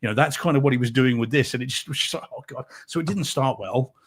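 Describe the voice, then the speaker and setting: A man's voice: medium pitch, quick pace, slightly rough. Rambling man reviewing films. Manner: rambling, self-correcting, emphatic. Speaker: podcast co-host. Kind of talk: casual film review chat.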